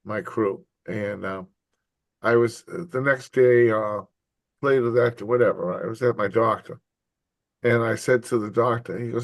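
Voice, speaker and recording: A middle-aged man tells stories in a loose, profane chat. He acts out the other people in them with lively voices. His voice is dry and close to the mic, with no room sound. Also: mid-range voice, normal speed, vocal fry, no room sound. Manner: profane, animated storyteller acting out quotes. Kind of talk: casual chat.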